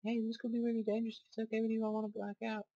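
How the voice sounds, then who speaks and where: A man's voice: high voice, completely flat delivery, rapid-fire, mellow, slightly rough, no echo, pitched above the performer's own voice, low-quality recording. A man reading on-screen game dialogue aloud, voicing a nervous, worried client. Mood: anxious. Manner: reads game dialogue aloud in a raised put-on voice.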